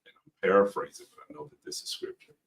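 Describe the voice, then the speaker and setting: A man co-hosting a podcast, talking through scripture in a relaxed, reflective way and laughing easily. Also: fast talker. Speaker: podcast co-host. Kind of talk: casual faith-based discussion. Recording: distant mic with faint room noise.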